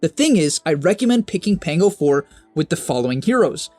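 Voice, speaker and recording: A young man hosting a game strategy guide, talking fast and emphatically with sudden high-pitched bursts, on a close mic. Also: very animated, mellow, dry recording, faint music behind. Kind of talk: energetic strategy guide narration.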